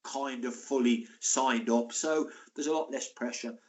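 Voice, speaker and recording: Animated man in his sixties telling stories. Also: medium pitch, a little slow. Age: 60s. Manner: animated, laughing anecdotes. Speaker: former footballer, guest. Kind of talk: casual storytelling.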